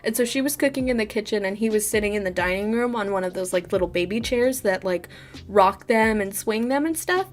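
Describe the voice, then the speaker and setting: A woman vlogger telling childhood stories in a casual, animated way, laughing often. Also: mid-range voice, a little fast, soft background music. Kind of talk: casual storytime chat.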